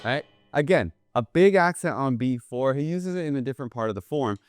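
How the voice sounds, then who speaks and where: A man teaching a jazz drum lesson in a relaxed, eager way, often checking in with "right?" between drum examples. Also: medium pitch, brisk, clean tone, no room sound, studio quality, faint music behind. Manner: casual, enthusiastic, keeps asking "right?". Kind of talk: instructional video lesson. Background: drum kit played between phrases.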